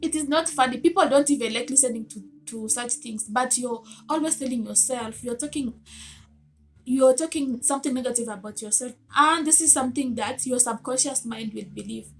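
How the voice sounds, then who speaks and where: A woman's voice: fairly high pitch, a little fast. Earnest woman giving a pep talk. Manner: earnest, coaxing, asks many rhetorical questions. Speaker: self-help vlogger. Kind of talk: motivational talk to camera.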